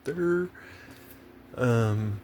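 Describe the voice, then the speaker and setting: A man's voice: mid-range voice, lively intonation, drawn-out words, darkish tone. An American man ranting casually and rambling, swearing a lot and restarting his sentences, with faint background noise. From United States. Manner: profane, rambling, many restarts and fillers.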